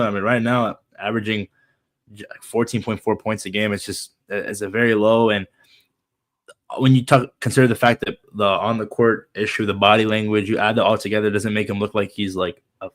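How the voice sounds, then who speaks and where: A man with a fairly low voice co-hosting a sports podcast, speaking quickly. He rambles through his analysis and hedges his points with fillers. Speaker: podcast co-host.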